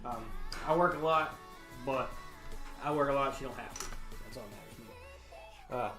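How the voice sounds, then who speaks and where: A man's voice: mid-range voice, moderate pace, a bit bright, soft background music. Laid-back man rambling on a home stream. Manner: rambling, laid-back, folksy, frequent fillers. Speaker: livestream host. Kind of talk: casual chat to a live stream. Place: home bar room with sound foam on the walls.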